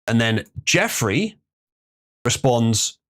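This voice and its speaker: Male stream host, mid pitch, animated delivery, blunt and opinionated. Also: drawn-out words. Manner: opinionated, swears, reads chat aloud. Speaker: livestream host. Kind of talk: casual livestream chat.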